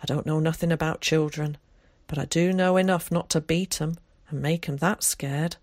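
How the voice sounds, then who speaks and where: A woman reading the lines of a gruff, lonely old countryman who mutters in rough rural speech. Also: low-pitched, fairly even intonation, normal speed, a little mellow, no echo, clean studio sound. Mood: gruff muttering.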